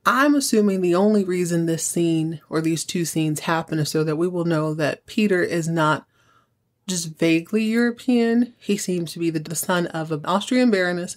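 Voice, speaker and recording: A woman's voice: fairly low pitch, moderate pace. A woman hosting a podcast, casually recapping a soap opera episode and acting out characters' lines in playful voices. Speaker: podcast host.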